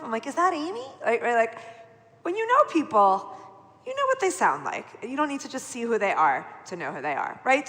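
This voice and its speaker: A middle-aged woman leading Torah study in a conversational, animated way, often checking in with "right?". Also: fairly high pitch. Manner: chatty, animated, peppered with "right?". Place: large synagogue sanctuary. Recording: long hall reverb from a live broadcast.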